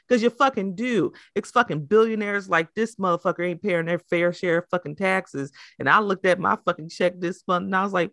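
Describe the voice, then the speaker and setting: A woman's voice: lowish voice, moderate pace, hardly any pauses, fairly bright tone, no echo, studio quality. A woman co-hosting a podcast in casual chat, cursing a lot, tripping over her restarts, and laughing through her own rants. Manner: profane, stumbling restarts, laughing asides. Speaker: podcast co-host.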